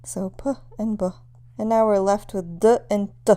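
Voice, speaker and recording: Woman teacher going over pronunciation, slow and patient, mellow smooth voice. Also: mid-range voice, steady tone. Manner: clear, patient, demonstrates sounds slowly. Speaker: language teacher. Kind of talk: pronunciation lesson.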